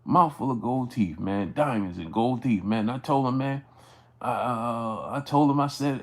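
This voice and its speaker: A man's voice: medium pitch, moderate pace. Male sports streamer, casual and rambling, full of fillers and restarts, keeps breaking off to greet chat viewers by name. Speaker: sports channel host. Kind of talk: casual livestream storytelling.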